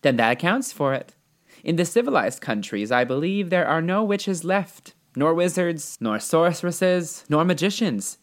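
Storybook role: gentle, calm little old good witch, pitched up, lively lilt, read by a man. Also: a little slow. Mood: kindly. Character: small kindly old woman, a good witch.

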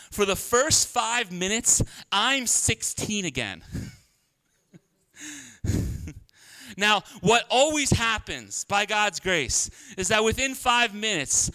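Bright-voiced pastor. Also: male voice, sits high, clean tone. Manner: humorous, conversational, laughs often. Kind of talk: sermon. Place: church.

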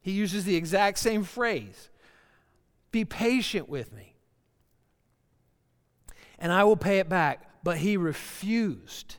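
Pastor guy preaching, kinda high smooth voice, earnest, lots of repeating, big church echo. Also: expressive, slow, pauses often. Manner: earnest, repeats phrases for emphasis. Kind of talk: sermon. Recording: long church reverb.

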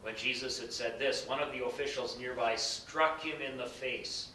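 A man reads scripture aloud at a measured, solemn pace. His voice is bright and clear, ringing through a roomy, echoing space. He sounds set back from the mic, with a faint rumble behind him. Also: fairly even intonation, distant mic. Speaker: scripture reader.

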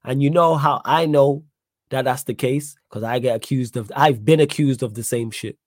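A young man hosting a podcast, answering viewer questions in a calm, laid-back, conversational way. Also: medium pitch, normal speed, no room sound. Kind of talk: casual chat.

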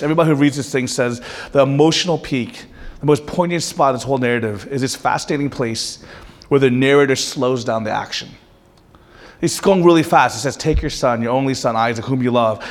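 A man preaching a sermon with impassioned rhetorical questions, at times dropping to a hushed, intense delivery. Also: medium pitch. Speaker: pastor. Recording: long hall reverb.

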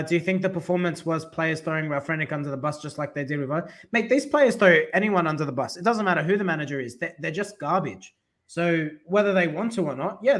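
Guy hosting a footy fan podcast, kinda high voice, joking around and calling out listeners by name. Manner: animated, jokey, addresses listeners by name. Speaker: podcast host. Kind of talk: casual football fan podcast chat.

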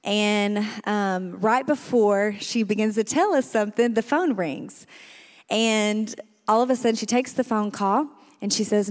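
A woman's voice: mid-range voice, measured pace. A woman in her thirties from Arkansas with a Southern accent, sharing her church testimony and praying in an emphatic, crowd-addressing way. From Arkansas, USA. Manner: warm, emphatic, talks to the crowd as y'all. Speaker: guest speaker sharing testimony.

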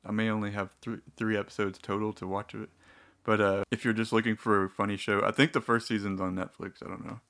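A man's voice: on the low side, flat delivery, fast, creaky, a bit bright. A young man chatting casually about shows he watches, rambling with restarts and dry, wry asides. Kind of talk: casual TV show recommendations.

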